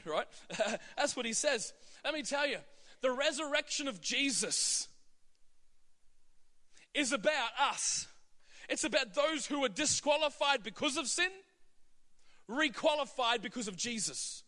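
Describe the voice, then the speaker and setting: A man's voice: very high-pitched, animated, measured pace, pushed and bright, big-room sound. A man preaching a sermon in an earnest, emphatic way, with rhetorical questions and small chuckles.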